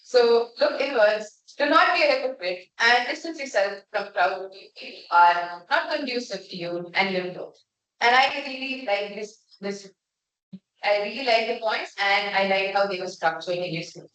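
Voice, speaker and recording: A woman's voice: medium pitch, expressive, moderate pace, fairly bright tone. A young woman giving a frank, conversational evaluation of a speech at a club meeting, restarting her phrases now and then. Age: young adult. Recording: echoey room, voice from far off.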